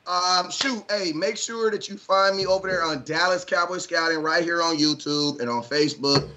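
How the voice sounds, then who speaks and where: A man's voice: fairly high pitch, normal speed, bright, forceful tone, slight background noise. A man guesting on a casual show, joking and teasing in slangy talk that repeats itself. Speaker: guest, fan channel host.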